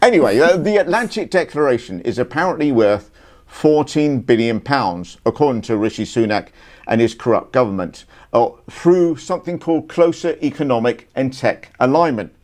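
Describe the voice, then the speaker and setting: Lively, wry British man. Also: medium pitch, moderate pace. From United Kingdom. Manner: joking, wry. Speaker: podcast co-host. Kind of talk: casual political chat.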